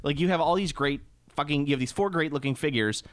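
A man's voice: a little high, fast talker. A man co-hosting a casual hobby podcast, rambling and cursing, restarting his sentences often. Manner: rambling, profane, frequent restarts. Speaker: podcast co-host.

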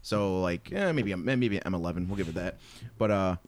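A man's voice: low-pitched, brisk. A man co-hosting a casual gaming podcast, joking and teasing his partner. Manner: lively, joking, breaks into silly sung impressions. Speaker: podcast co-host. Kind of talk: casual chat.

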